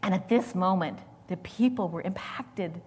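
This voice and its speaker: Husky-voiced woman preaching in a reverberant hall. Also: lowish voice, moderate pace. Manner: dramatic, swinging from loud to near-whispered. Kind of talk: sermon.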